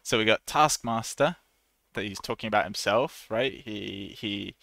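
A man teaching an English lesson in a chatty, relaxed way, laughing often and acting out short example voices. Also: fairly low pitch, measured pace, vocal fry, no room sound. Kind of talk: casual online English lesson.

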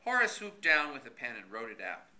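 Bright, lively male storyteller. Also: medium pitch, a little fast, a little hiss or hum. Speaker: reader for language students. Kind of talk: reading a novel aloud.

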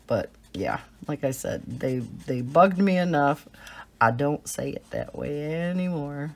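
Slow, low-voiced chatty woman with a cold. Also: sing-song. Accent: slight Southern twang. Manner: chatty, giggly storytelling. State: has a cold. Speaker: coloring channel host. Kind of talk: casual chat while coloring.

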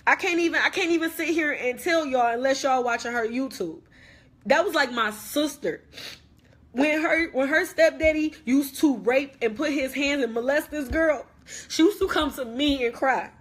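A woman's voice: sits high, moderate pace, fairly bright tone. A young woman venting on a phone live stream in an impassioned casual rant, emphatic, hurt and confrontational, repeating herself for weight. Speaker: livestreamer.

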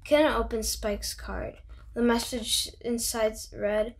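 A woman's voice: fairly high pitch, fairly even intonation, slow. A woman reading a children's picture book aloud, bubbly and chatty, stopping to comment on the pictures.

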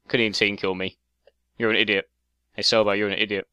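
A man's voice: lowish voice, little pitch movement, quick pace, pauses often, pushed and bright, clear, resonant tone, dry recording, studio quality. A man mocking other players over game voice chat with a headset. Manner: mocking, taunting. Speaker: YouTube gamer. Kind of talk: trolling voice chat.

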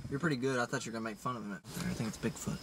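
A man co-hosting a casual vlog, dropping crude deadpan one-liners. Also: mid-range voice, racing. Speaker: vlog co-host. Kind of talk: casual crude joking chat.

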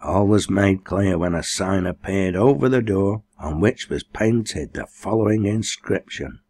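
In a low, somewhat mellow voice, an audiobook reader narrates a novel without hurrying. He sticks to the script but gets louder whenever the characters speak in dialect.

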